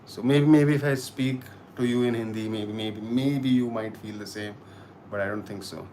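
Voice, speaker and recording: A man's voice: on the low side, steady tone, moderate pace, darkish tone, a little hiss or hum. A man from Kashmir hosting a casual live stream, reading comments and thanking viewers with lots of restarts. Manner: chatty, repeats words and restarts, thanks viewers. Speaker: livestream host.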